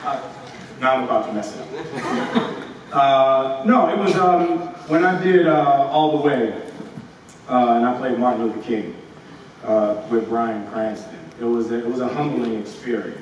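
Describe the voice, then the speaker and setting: Halting man in an echoey hall. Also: medium pitch, dull audio. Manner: halting, many fillers and restarts. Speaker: actor panel guest. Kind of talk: press panel answer. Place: large convention hall. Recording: echoey hall, far from mic, faint hiss.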